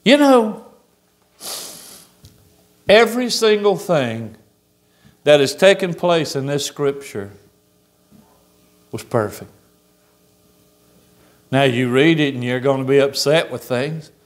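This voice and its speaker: A man's voice: medium pitch, animated, takes it slowly, long pauses. A man, preaching a fervent church sermon as pastor and asking the congregation rhetorical questions. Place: church sanctuary.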